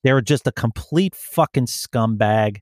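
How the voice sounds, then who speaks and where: A man's voice: medium pitch, a little mellow, no echo, clean studio sound. A man who works as a police officer, telling profane stories in casual chat and mimicking the people he deals with. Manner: profane storytelling, mimics people in quick put-on voices.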